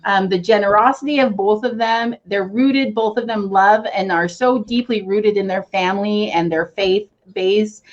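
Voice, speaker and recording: A woman co-hosting a casual video chat, moved and tearing up as she speaks about her mother. Her voice sits at a medium pitch, and the audio sounds dull and lo-fi. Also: fairly even intonation, moderate pace, few pauses. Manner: tearful, warm tribute to her mother. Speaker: co-host.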